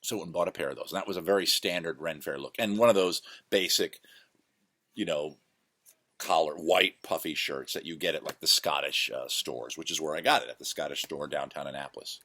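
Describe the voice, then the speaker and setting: Low-voiced man rambling through stories. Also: fairly quick, sharp tone, no echo. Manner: rambling, digressive, self-correcting. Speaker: host. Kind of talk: casual storytelling monologue.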